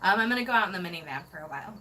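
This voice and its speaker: A woman's voice: lowish voice, animated, very fast, bright, forceful tone, slight background noise, low-quality recording. A woman hosting a casual van-life livestream, reading viewer comments and gushing with thanks, laughing often.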